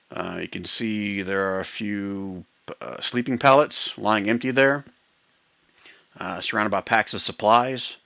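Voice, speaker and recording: A man's voice: on the low side, vocal fry, sharp tone, no echo. A man narrating a tabletop game as dungeon master over voice chat, describing scenes with frequent ums and uhs. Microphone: computer mic on voice chat. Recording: muffled lo-fi voice chat.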